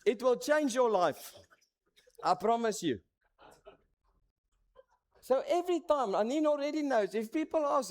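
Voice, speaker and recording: A middle-aged man with a Namibian accent preaching a sermon as a pastor, telling stories that swing between dramatic highs and hushed lows. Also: lively intonation, a little slow, long pauses.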